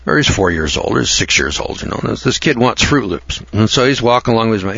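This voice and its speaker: Husky man ranting bluntly. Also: mid-range voice, very animated, fast, hardly any pauses, fairly bright tone, dry recording. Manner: rambling, blunt, mocking, repeats words. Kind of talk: opinionated monologue. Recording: dull lo-fi recording, dry.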